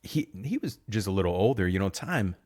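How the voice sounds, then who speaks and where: A podcast co-host tells rambling stories in casual chat, laughing often. He has a lowish, darkish voice and is very animated and fairly quick. The sound is clean studio audio with no room sound.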